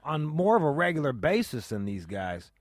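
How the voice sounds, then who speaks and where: A man's voice: a little high, sing-song, moderate pace, no room sound, clean studio sound, faint music behind. Blunt, swearing male radio host. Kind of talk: casual radio interview. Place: radio studio. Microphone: studio mic.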